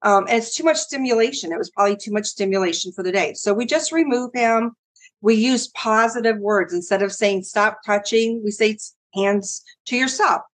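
A woman who is a mother, a guest on an interview podcast, calmly explaining how she handles her son. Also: mid-range voice, brisk. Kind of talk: conversational interview.

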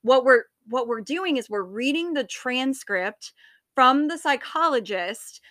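A woman co-hosting a casual book podcast, excitable and profane, acting out scenes as she talks. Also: sits high, measured pace, dry recording, studio quality. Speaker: podcast co-host.

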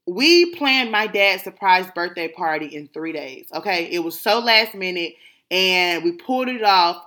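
A woman speaks in a personal, reflective monologue. Her voice is bright, and she leans into emphatic, prayer-like repetition of thanks. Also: medium pitch. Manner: emphatic, repeating gratitude phrases like a prayer.

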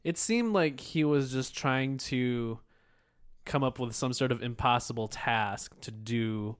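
A man's voice: medium pitch, takes it slowly, smooth. A man co-hosting a podcast, laid-back in casual chat with short reactions. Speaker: podcast co-host.

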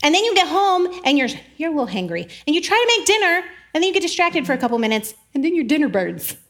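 A woman in her thirties giving a sermon-style talk, animated and laughing often, jittery from caffeine. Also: high voice, fast. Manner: animated, laughs often, acts out quoted voices; jittery, says she is over-caffeinated. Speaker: speaker giving a faith talk.

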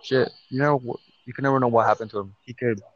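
A man's voice: mid-range voice, fairly even intonation, fast, lo-fi sound, slight background noise. A young man co-hosting a casual podcast, talking in slangy, profane banter and calling his friend "fool" and "bro". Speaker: podcast co-host. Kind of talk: casual chat.

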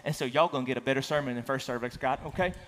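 A man's voice: medium pitch, rapid-fire, a bit bright, a little hiss or hum. A man preaching a sermon as a pastor, telling a personal story in a casual, self-deprecating way in front of his church. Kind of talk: conversational sermon. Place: church sanctuary. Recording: long hall reverb.

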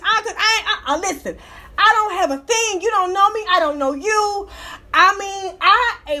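Sassy high-voiced woman ranting. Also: moderate pace. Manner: animated, sassy, profane, laughs often. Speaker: commentator reacting to a news story. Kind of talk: casual commentary reading and reacting to an article.

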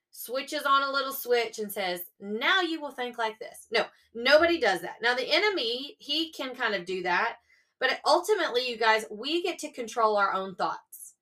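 A woman's voice: on the high side, animated, unhurried, pushed and bright. A young woman hosting a faith-based motivational podcast, upbeat and coaxing, often checking in with her listeners. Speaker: podcast host.

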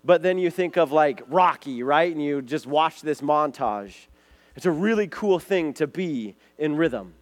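High-voiced chatty preacher man. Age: adult, has a son. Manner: lively, chatty, repeats words and asks "right?", "okay?". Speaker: youth pastor. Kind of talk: casual sermon to a group.

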